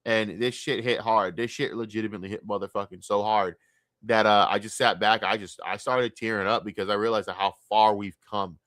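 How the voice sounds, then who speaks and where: A young man streaming a casual, profane and rambling sports rant, talking excitedly. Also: fairly low pitch, fairly quick, dry recording, clean studio sound.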